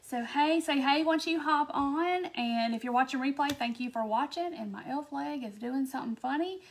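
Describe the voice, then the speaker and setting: Bubbly high-voiced Southern woman. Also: normal speed, slight background noise. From Mississippi, US. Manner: bubbly, greets viewers by name, frequent "um"s and laughs. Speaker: craft live-stream host. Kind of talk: casual live-stream chat.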